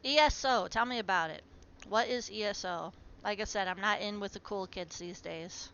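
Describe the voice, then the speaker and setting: Woman rambling on a home stream, bright voice, kinda muffled audio. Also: medium pitch, normal speed, smooth. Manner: chatty, talks to her plants and to viewers. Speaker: live streamer. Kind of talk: casual live-stream chat.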